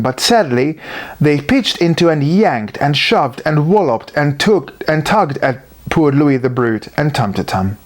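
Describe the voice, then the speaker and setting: A storyteller reading a children's story aloud in an animated, unhurried way. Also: medium pitch.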